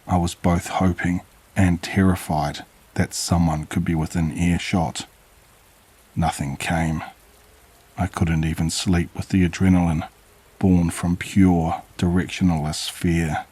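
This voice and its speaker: A man narrating a horror story in a measured, grave, suspenseful way. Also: sits low, little pitch movement, darkish tone, breathy edge.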